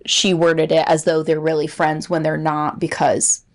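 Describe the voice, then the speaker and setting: A woman hosting a reaction commentary channel, explaining things in a measured, mildly wry way. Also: deep voice, little pitch movement.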